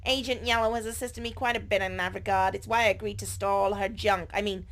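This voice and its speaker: A woman's voice: medium pitch, fairly even intonation, quick pace, fairly bright tone, close to an everyday voice. A woman voicing a prim, formal female scientist agent who speaks in a stiff, clipped, proper manner.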